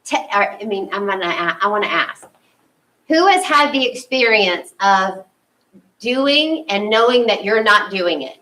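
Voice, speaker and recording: Animated woman preaching from afar. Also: mid-range voice, measured pace, distant mic, poor audio. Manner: animated, acts out her own inner thoughts. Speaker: spiritual leader. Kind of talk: conversational sermon.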